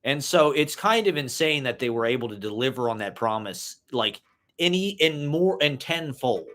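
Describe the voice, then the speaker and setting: A man's voice: medium pitch, a bit bright. Young guy rambling to the camera, swears a lot, says like every other word. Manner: loose, profane, full of "like" and "you know" fillers. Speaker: vlogger. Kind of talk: casual rambling monologue.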